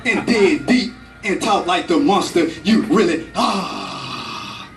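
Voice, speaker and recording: A man's voice: high-pitched, expressive, slow, soft background music. A man doing a pushy woman reporter. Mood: bossy. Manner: pushy, commanding. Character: bossy woman news reporter. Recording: echoey room, from far off.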